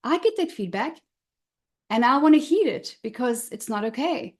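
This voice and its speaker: High-voiced expressive woman coach. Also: normal speed. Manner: expressive, emphatic, repeats key words. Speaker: confidence coach. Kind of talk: motivational talk to listeners.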